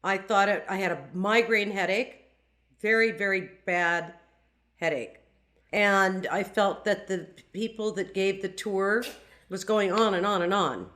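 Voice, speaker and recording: A woman's voice: mid-range voice, unhurried, a bit bright. A woman on a reality show aftershow, telling stories in a rambling, giggly way. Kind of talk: casual chat.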